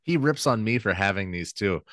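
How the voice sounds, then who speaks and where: Low-voiced male co-host, dry close mic, confident opinionated sports talk. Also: animated, moderate pace, a bit bright, no room sound. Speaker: podcast co-host. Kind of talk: casual sports podcast chat.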